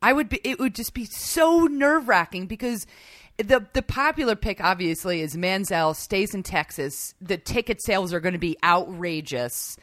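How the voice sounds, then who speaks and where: A woman co-hosting a podcast in casual chat, rambling and animated, often laughing. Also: medium pitch, normal speed, dry recording. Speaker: podcast co-host.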